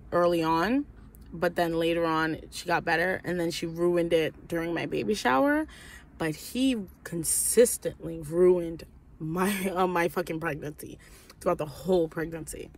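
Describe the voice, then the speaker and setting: Young woman venting in a storytime vlog. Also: lowish voice. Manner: venting, profane, animated retelling with quoted voices. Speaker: vlogger.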